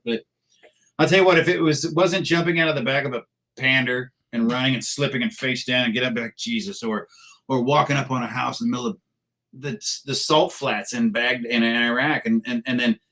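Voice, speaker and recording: A man's voice: mid-range voice, fairly quick, a bit bright, low-quality recording. A middle-aged man, a podcast guest in a studio, telling salty, profane anecdotes with laughs in a casual interview.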